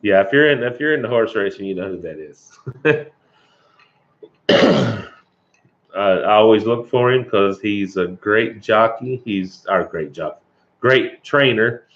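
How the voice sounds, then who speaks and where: A man's voice: fairly low pitch, expressive, unhurried, long pauses, a bit bright. A middle-aged man, hosting a casual livestream chat, chuckling and greeting viewers by name, with an occasional cough. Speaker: livestream host. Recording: dull lo-fi stream audio.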